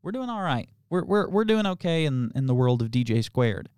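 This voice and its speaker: This man's voice sits on the high side and has a sing-song lilt, a slightly mellow, clean tone, and a normal speed, with no echo. He co-hosts a podcast, drifting through stories in casual chat, full of fillers and frequent laughs.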